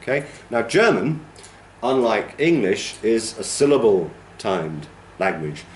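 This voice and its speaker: A male teacher trainer delivers a slow, patient classroom lecture, frequently asking "okay?" and humming and counting to demonstrate rhythms. His lowish voice has lively intonation, and the reverberant room adds slight background noise.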